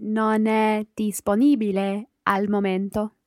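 A woman's voice: medium pitch, monotone, measured pace, no echo, clean studio sound. Tentative female language learner. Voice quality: tentative, guesses answers aloud. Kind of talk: podcast language lesson.

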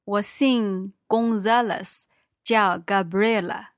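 A woman playing a friendly female conference visitor in a calm practice dialogue. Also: mid-range voice, takes it slowly, no room sound, clean studio sound.

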